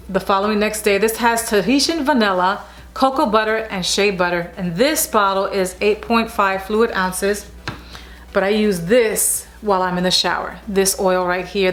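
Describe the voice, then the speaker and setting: A woman's voice: medium pitch, a bit bright. Gushing chatty woman beauty vlogger. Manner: chatty and gushing, with restarts and asides. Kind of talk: casual product review chat.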